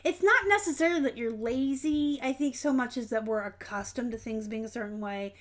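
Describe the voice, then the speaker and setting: A woman's voice: a little high, brisk. A woman hosting a casual live stream, reading viewer comments and chatting frankly with lots of ums and self-corrections. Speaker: host of a live reselling Q&A stream.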